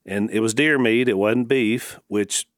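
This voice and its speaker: Easygoing co-host, low voice, dry close recording. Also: male voice, measured pace, no room sound. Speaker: podcast co-host. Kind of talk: casual chat.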